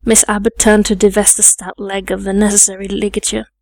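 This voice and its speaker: Audiobook narrator, woman, measured and composed, dry close sound. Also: mid-range voice, level tone, dry recording. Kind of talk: scripted narration.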